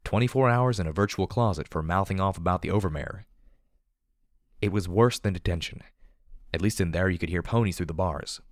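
A man narrating first-person fiction in a steady, measured reading voice. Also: low-pitched, no room sound, clean studio sound. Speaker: audiobook narrator.

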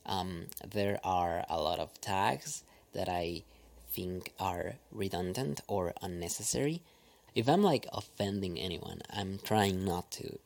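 A man with a Spanish accent whose first language is Spanish, an audio creator talking in a casual, reflective monologue, hesitant and full of pauses, sometimes dropping to a near-whisper. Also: on the low side, gravelly. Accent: Spanish-speaking.

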